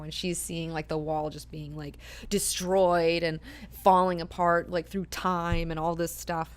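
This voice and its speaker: A woman's voice: fairly low pitch, fairly even intonation, normal speed, fairly bright tone, clean tone. A woman hosting a book club, talking casually, swearing freely and acting out characters' lines as she goes.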